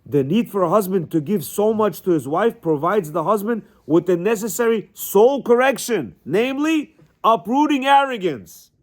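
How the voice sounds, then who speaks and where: A man with a voice on the high side teaches a class to a room of men. His manner is animated and conversational, and he often repeats words as he goes. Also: normal speed, hardly any pauses. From Central Asia, Bukharan Jewish family. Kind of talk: lecture with stories. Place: classroom with a small group of men.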